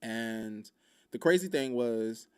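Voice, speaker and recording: A man's voice: mid-range voice, expressive, takes it slowly, a little mellow, clear, resonant tone. A man hosting a podcast, telling a story in loose, profane casual talk full of fillers. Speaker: podcast host.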